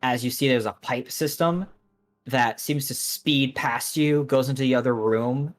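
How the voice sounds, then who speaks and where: A man narrating a tabletop game as game master, describing scenes in halting bursts full of restarts. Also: mid-range voice. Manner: halting, many restarts and fillers while describing.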